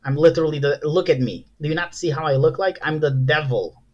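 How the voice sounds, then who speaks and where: A man's voice: on the high side, fairly quick, highs cut off, lightly acted. A man voicing a pushy, crude male devil in his nearly normal speaking voice, with brash, profane delivery.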